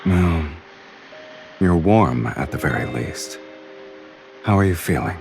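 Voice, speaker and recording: An actor voicing a calm, suave young man in a romance game, teasing and protective. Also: sits low, slow pace, gravelly, faint music behind, full character voice. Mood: teasing, caring. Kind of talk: game voice acting.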